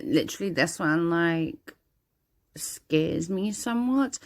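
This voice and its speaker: A woman's voice: on the low side, vocal fry. A woman reading statistics aloud off the cuff, stumbling over names and breaking in with small reactions. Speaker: video host reading out statistics. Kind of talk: casual reading aloud with comments.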